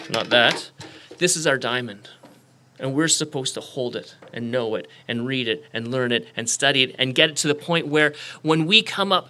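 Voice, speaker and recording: A pastor preaching a sermon in church, telling a made-up parable and acting out the voices of its characters. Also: male voice, mid-range voice, sharp tone, a little hiss or hum. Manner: storytelling preacher, acts out quoted voices. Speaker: guest pastor. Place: church sanctuary.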